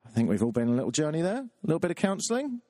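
A man's voice: a little high, huge pitch swings, very fast, dark tone, no room sound, clean studio sound. A man, a talk radio DJ telling a self-deprecating, rambling story on air. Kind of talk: confessional radio monologue.

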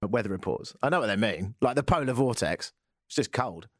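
A man's voice: medium pitch, animated, brisk, no room sound. A man with an English accent hosting a casual, joking radio talk show from a studio. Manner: chatty, joking, rambling. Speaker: radio host.

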